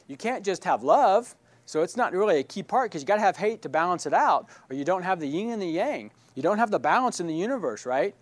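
A man teaching a church class who keeps checking in with his listeners, asking "right?" and "all right?". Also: sits high. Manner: asks questions and checks in with "right?".

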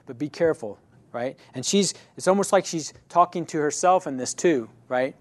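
A man leads a Bible study class in a chatty, conversational way, checking in with his listeners as he goes. His voice sits a little higher than most men's and he corrects himself mid-sentence. The sound is dry, with little room echo. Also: lively intonation, brisk, a little mellow. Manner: conversational, keeps checking in with "right?"; restarts and self-corrections.

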